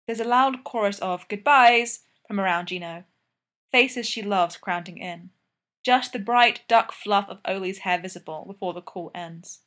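A woman narrating a fan story aloud in a steady, even way. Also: medium pitch, moderate pace. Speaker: fanfiction reader.

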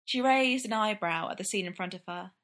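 A woman reading fiction aloud in a measured, even storytelling manner. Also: mid-range voice. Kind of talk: audiobook fiction narration.

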